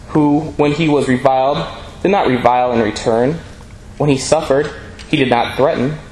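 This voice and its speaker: A man preaching a sermon in an earnest, measured way, reading scripture aloud between his points. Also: mid-range voice, a little mellow. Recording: echoey room with faint ambient noise.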